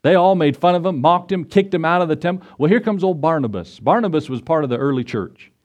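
A man's voice: on the high side, expressive, fast, a little mellow. A man preaching a sermon as pastor, retelling scripture in a folksy way and asking his congregation rhetorical questions. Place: church.

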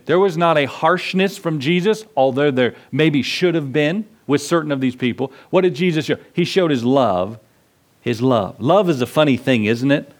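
Preaching as pastor in a slightly high voice, a man talks to his congregation casually, using humor and rhetorical questions while lingering on key words for emphasis.

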